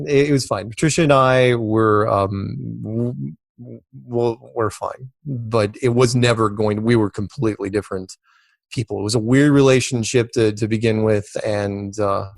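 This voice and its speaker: A man's voice: lowish voice, moderate pace, no echo, clean studio sound. A man telling stories as an interview guest, rambling and repeating himself, acting out what others said. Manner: rambling, repeats words, animated quoting of others. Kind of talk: casual storytelling in an interview.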